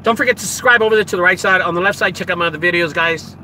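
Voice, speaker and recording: A middle-aged man rambles in a casual live-stream chat and speaks straight to his viewers. His voice sits a bit high and sounds bright and forceful. He records outdoors on a handheld phone, with faint traffic hum behind him. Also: very fast. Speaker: junk removal business owner streaming live. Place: outdoors beside a dumpster.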